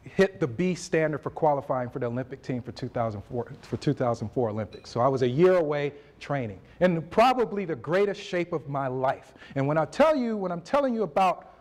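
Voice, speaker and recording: A man in his forties giving a motivational speech at a university event, telling his story with animated delivery and acting out conversations. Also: a little high, brisk, few pauses. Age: 40s. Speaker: motivational speaker.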